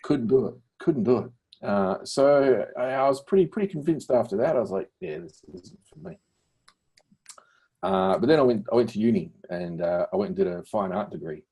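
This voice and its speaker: An Australian man in his forties, a guest telling animated, laughing stories with free swearing in a casual interview. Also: fairly low pitch, brisk, husky. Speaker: guest entrepreneur.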